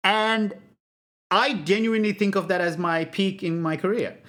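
Chatty self-mocking man, slightly high voice. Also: level tone, moderate pace, a bit bright. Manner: rambling, self-deprecating, laughs often. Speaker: comedian guest on a podcast. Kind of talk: casual chat.

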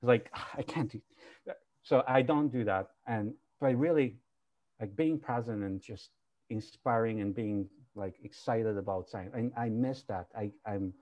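A man's voice: on the low side, steady tone, measured pace, darkish tone. A man, a university professor, talking candidly and with energy in a casual panel discussion over a video call, swearing freely.

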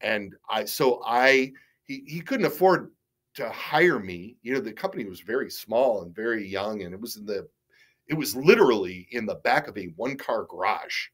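A man's voice: lowish voice, lively intonation, normal speed, fairly bright tone. Rambling middle-aged man telling stories. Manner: rambling, frequent restarts and stammers; candid, self-deprecating, casually swears. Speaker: guest. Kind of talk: casual interview storytelling.

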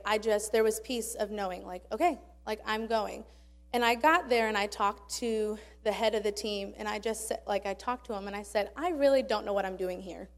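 A young woman shares a testimony in an earnest, rambling way that is full of fillers and restarts. Her voice sits a little high for a woman. It rings out with a long hall reverb around it. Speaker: church speaker sharing a testimony. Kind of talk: casual spoken testimony.

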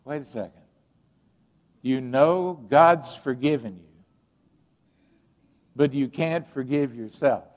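A man's voice: medium pitch, takes it slowly, long pauses, darkish tone. An older man, a pastor, preaching an earnest, personal sermon to his congregation in a church sanctuary. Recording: dull, long-reverb church recording.

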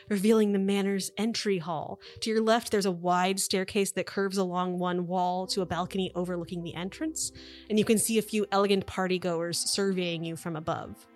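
Low-voiced woman narrating a game. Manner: descriptive, relaxed, lightly joking. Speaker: game master.

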